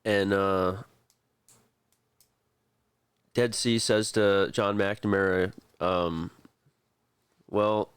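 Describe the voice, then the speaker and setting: A man narrating a tabletop game as game master in a relaxed, rambling way. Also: sits low, slow, clear, resonant tone, dry recording.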